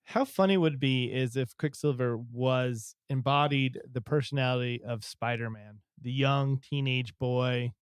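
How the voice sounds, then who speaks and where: A man's voice: medium pitch, unhurried, hardly any pauses, clear, resonant tone, dry recording, clean studio sound. A man co-hosting a casual podcast, rambling with many fillers and restarts as he thinks aloud. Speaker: podcast co-host. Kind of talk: casual chat.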